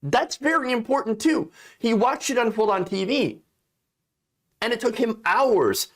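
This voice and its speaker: A man's voice: very high voice, expressive, measured pace, fairly bright tone. A man giving political opinion commentary in a sarcastic, indignant, conversational way. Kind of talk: opinion commentary reading news.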